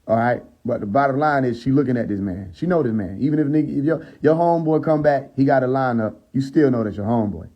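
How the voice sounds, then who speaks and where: A man with a mid-range voice talks fast, barely pausing, over lo-fi phone audio on a social live stream. He retells a scripture story in casual, profane street talk, acting out quotes, laughing at his own jokes, and checking in with viewers.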